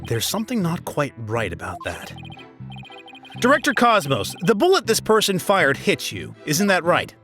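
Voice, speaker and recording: A man's voice: on the high side, wildly swooping pitch, moderate pace, bright, forceful tone, soft background music, heavily acted. A man reading the lines of an earnest young male defense attorney, with a courtroom tone. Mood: probing. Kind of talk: dramatic reading of game dialogue.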